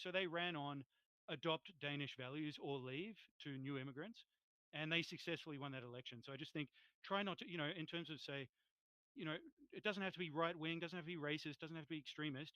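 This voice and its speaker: A man's voice: a little high, a bit bright, no room sound, dull audio. An Australian man talking casually in a group voice chat on a cheap microphone, rambling with lots of fillers. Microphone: cheap desktop microphone.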